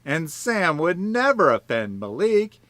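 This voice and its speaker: A man's voice: on the high side, sing-song, unhurried, a bit bright, no room sound. A man co-hosting a commentary show, making dry ironic remarks about the clips. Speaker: show co-host.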